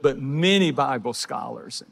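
A man preaching a fervent sermon, swinging between shouted praise and hushed storytelling. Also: mid-range voice, animated, a little slow, creaky. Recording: hall reverb.

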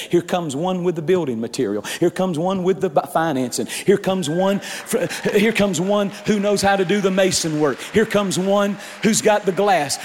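A male pastor preaching a sermon, emphatic and repetitive, building up to shouts. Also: high voice, long reverb tail.

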